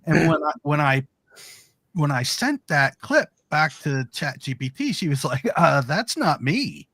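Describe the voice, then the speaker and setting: A man telling a personal story in casual podcast talk, animated and acting out quoted lines. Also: a little high, measured pace, no room sound. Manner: animated anecdote with quoted dialogue.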